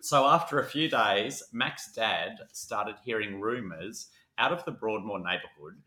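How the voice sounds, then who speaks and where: A man's voice: lowish voice, unhurried, bright, forceful tone, echoey room. A man co-hosting a casual true crime podcast, reading case notes and riffing with jokes. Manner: jokey, reads case notes then riffs. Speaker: podcast co-host.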